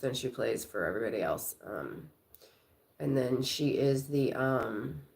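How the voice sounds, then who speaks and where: Middle-aged woman, low creaky voice, loose rambling livestream chat host. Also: darkish tone. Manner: rambling, chatty, storytelling with quoted voices.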